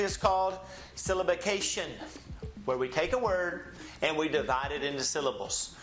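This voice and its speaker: Male teacher, slightly high voice, patient and methodical, roomy echo. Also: fairly bright tone. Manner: patient, explains step by step, repeats words slowly. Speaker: Spanish teacher. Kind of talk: recorded language lesson.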